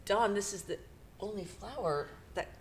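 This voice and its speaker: A middle-aged woman co-hosting a podcast, retelling a painful personal story in a halting, emotional way with nervous laughs. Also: medium pitch, a little hiss or hum. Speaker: podcast co-host.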